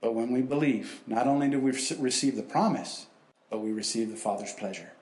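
A man's voice: mid-range voice, fairly quick, darkish tone. A man preaching a sermon to a church congregation, quoting scripture in acted voices. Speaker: guest preacher. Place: church sanctuary. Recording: echoey church hall.

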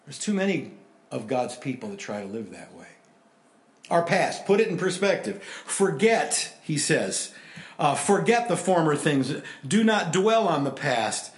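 A man preaching a sermon in a conversational, animated way, swinging between loud emphasis and hushed asides. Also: a little high, unhurried, echoey room. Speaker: pastor.

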